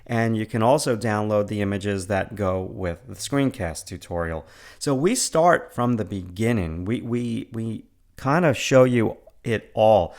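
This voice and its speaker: A middle-aged man with a New York accent, an art instructor casually walking through his online lessons, enthusiastic and full of fillers and repeated words. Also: fairly low pitch. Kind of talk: casual screencast walkthrough.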